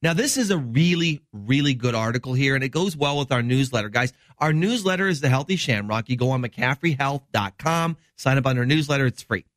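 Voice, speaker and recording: A man's voice: medium pitch, lively intonation, fairly quick, few pauses, fairly bright tone, no echo, clean studio sound. A middle-aged man from Wisconsin, a doctor hosting a health show, explaining news in rambling, enthusiastic casual chat.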